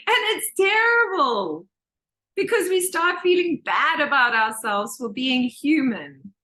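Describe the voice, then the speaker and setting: Woman course teacher, high bright voice, animated, slips into quoted voices, on a video call. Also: slow. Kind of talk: live online group session.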